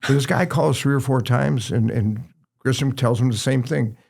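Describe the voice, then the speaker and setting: Older male ex-referee, gravelly mid-pitched voice, chatty anecdotal guest. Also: moderate pace. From St. Louis area, USA. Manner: lively anecdotal storyteller, acts out quotes. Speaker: retired basketball referee, podcast guest. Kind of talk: casual storytelling chat.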